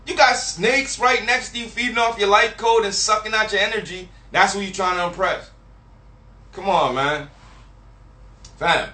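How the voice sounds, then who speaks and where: A vlogger in Miami rants at the camera in a high, sharp voice, in an echoey room. His casual tirade is profane, emphatic, repetitive, and preachy.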